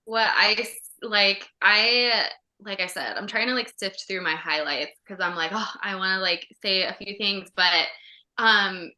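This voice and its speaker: A woman's voice: mid-range voice, a little slow, sharp tone, echoey room. A woman co-hosting a podcast, chatting in a heartfelt way with lots of fillers over a video call. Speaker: podcast co-host. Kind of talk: casual podcast chat.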